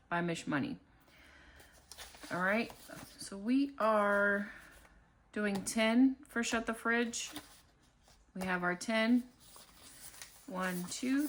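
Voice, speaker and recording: A woman narrates her budgeting vlog in an easy, leisurely way, counting bills one by one. Her voice sits at an ordinary middle pitch. A light background hiss sits under her talk. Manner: calm, unhurried, counting money aloud. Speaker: budgeting channel host. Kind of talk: casual cash-stuffing vlog narration.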